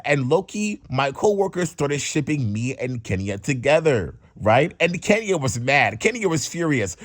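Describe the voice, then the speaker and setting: Young man, storytime vlogger, lively animated pitch, slangy, dry close sound. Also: no echo. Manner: animated, slangy, repeats bro. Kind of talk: casual storytime.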